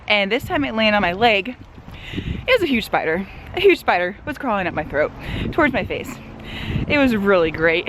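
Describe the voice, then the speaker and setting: A woman's voice: medium pitch, a little hiss or hum, low-quality recording. A pregnant young woman telling a story in a casual vlog, chatty and full of fillers. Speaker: vlogger. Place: outdoors on a walk, then a home kitchen. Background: breeze outside, loud sizzling bacon in the kitchen.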